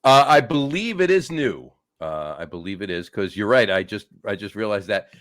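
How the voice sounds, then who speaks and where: A man's voice: lowish voice, expressive, normal speed, a bit bright. A man hosting a casual sports podcast over a remote call, upbeat and laughing often. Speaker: podcast host. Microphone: remote call setup.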